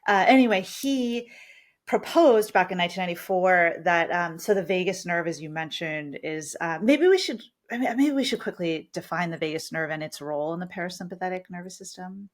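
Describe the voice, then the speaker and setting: A woman's voice: on the low side, a little fast. A woman hosting a podcast, talking in a hesitant way, correcting herself as she goes. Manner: hesitant, self-correcting, apologetic. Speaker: podcast host, yoga teacher. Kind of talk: podcast conversation.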